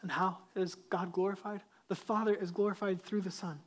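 A man's voice: sits high, little pitch movement, normal speed, slightly rough. A male pastor preaching a sermon, emphatic and full of rhetorical questions to the congregation.

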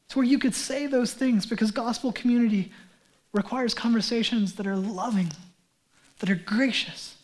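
A male pastor giving a sermon in a conversational, animated way, with casual asides. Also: very high voice.

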